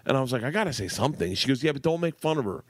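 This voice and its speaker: A man in his forties telling funny stories about his daughter in casual podcast chat, animated and profane, laughing as he goes. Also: mid-range voice, rapid-fire, no room sound. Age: 40s. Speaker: comedian guest.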